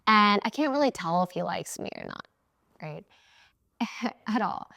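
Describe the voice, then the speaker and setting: A woman's voice: mid-range voice, expressive, measured pace, vocal fry, bright, forceful tone. A woman in her thirties hosting a podcast, telling a personal story in a casual, chatty way. She often acts out her own past lines and laughs mid-sentence. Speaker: podcast host.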